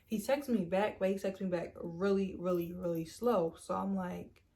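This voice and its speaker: A woman's voice: lowish voice, moderate pace. Chatty young woman telling a story. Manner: chatty and animated, acts out quoted lines, leans on "like" and "literally". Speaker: storytime vlogger. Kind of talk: casual storytime.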